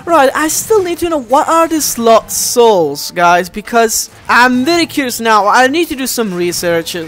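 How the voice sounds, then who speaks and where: A man giving let's play commentary, animated and easily exasperated, often addressing viewers as guys. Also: very high-pitched, unhurried. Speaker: gameplay commentator.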